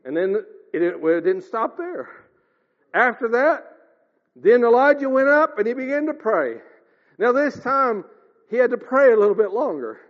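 A man's voice: sing-song, normal speed. A man preaching a sermon in an earnest way, often calling his listeners dear ones and swinging his voice up and down. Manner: earnest, addresses listeners as dear ones, rises and drops in pitch. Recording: lo-fi with long hall reverb.

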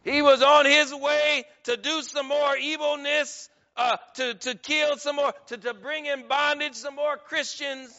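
A high, bright-voiced man delivers a sermon at an unhurried pace. He presses hard on his points, climbing to near-shouts before falling quiet. The recording is dull and muffled, with a long reverb trailing each phrase. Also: fairly even intonation. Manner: emphatic, rising to near-shouts then dropping low. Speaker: preacher.

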